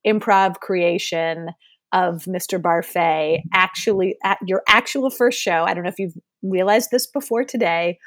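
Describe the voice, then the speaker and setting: A woman's voice: lowish voice, unhurried, fairly bright tone, no room sound. Playful woman host with a dry sound. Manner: playful, teasing, laughs often. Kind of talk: casual conversation.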